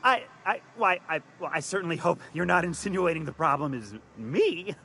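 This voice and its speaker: A man voicing a fast-talking male con man in a video game, who uses folksy slang and stammers when he is caught out. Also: fairly high pitch, animated, creaky, bright, forceful tone, slight background noise, heavily acted. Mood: flustered. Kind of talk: video game character dialogue. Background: faint game music.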